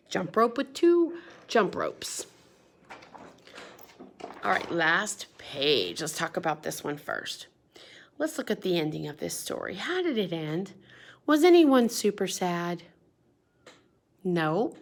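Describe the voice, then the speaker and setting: A woman teacher speaks slowly, with a creaky, mid-range voice and frequent pauses, while reading a picture book aloud to young children. She questions them throughout this animated, kid-directed storytime lesson.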